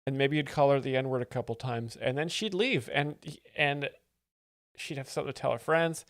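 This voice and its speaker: A man commenting over a comedy clip in a dry, deadpan, mock-analytical way, as if breaking down technique. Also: medium pitch, normal speed, no room sound. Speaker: joke explainer host.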